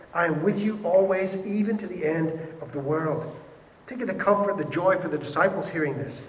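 Pastor guy preaching, kinda high voice, big roomy echo, punchy and repeats stuff. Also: a little hiss or hum. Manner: emphatic, repeats words for stress. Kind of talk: sermon. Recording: echoey hall with faint ambience.

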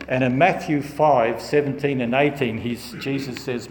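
A man's voice: medium pitch, fairly even intonation, normal speed, hardly any pauses, a little mellow, a little hiss or hum. Emphatic male Bible teacher, echoey room. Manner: earnest, emphatic, stresses key words. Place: room at home.

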